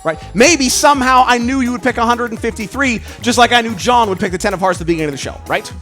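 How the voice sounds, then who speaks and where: A man performing a mentalist show live for an audience, calling out numbers with quick, lively patter. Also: extremely high pitch, soft background music. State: out of breath. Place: cruise ship show venue.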